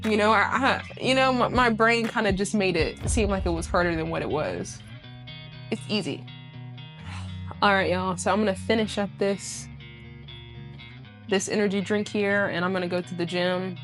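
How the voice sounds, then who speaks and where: A woman in her twenties giving casual motivational talk to camera, emphatic and animated, swearing casually and laughing often. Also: medium pitch, normal speed, long pauses, soft background music. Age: 20s. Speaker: vlogger.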